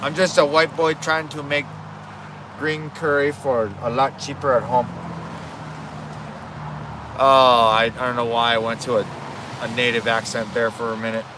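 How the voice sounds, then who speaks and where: A man's voice: medium pitch, flat delivery, a little slow, pauses often, noisy background. A man chatting casually and swearing now and then while he cooks live outdoors for his viewers. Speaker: streamer cooking live. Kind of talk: casual live-stream chat. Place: outdoors at a home cookout.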